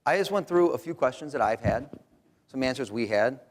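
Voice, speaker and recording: A man's voice: medium pitch, brisk. A middle-aged man presenting research at a conference, joking and conversational, recorded in a hall. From Rochester, New York. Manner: joking, animated, conversational lecturing. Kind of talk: conference talk. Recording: hall reverb.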